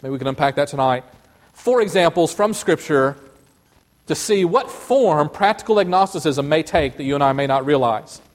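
Guy preaching, lively, acts out voices, a bit higher pitch. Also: moderate pace. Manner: animated, acts out voices of biblical figures. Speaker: pastor. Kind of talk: sermon.

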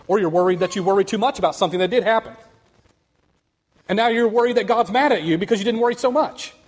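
A man preaching a sermon, speaking earnestly and building to quick, emphatic runs. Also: sits high, husky. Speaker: pastor.

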